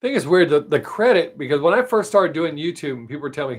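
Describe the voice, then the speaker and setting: A man's voice: on the high side, big pitch swings, fast, husky. A man hosting his own live stream, chatting with viewers in a rambling, joking, self-mocking way.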